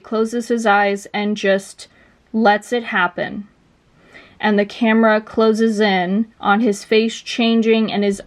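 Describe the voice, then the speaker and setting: A woman video essayist casually pitching a story idea in a loose, chatty way, with many fillers.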